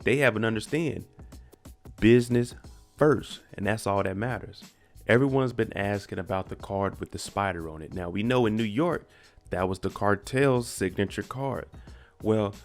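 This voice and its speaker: A man recapping a TV episode in a slangy, conversational way, talking straight to his viewers. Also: lowish voice.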